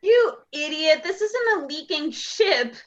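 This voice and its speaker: A woman's voice: sits high, very animated, takes it slowly, lo-fi sound, heavily acted. A woman reading the part of a blunt, scornful young woman in a live play reading.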